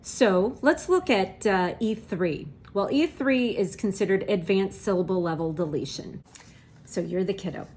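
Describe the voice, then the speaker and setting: A woman reading tutor demonstrating a lesson, speaking in slow, encouraging teacher talk and stretching out sounds. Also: medium pitch, darkish tone.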